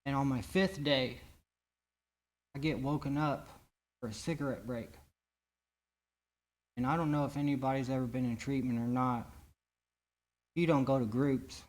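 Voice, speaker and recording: A man giving his personal recovery testimony at a church meeting, speaking in an earnest, halting way with frequent restarts. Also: mid-range voice, a little mellow.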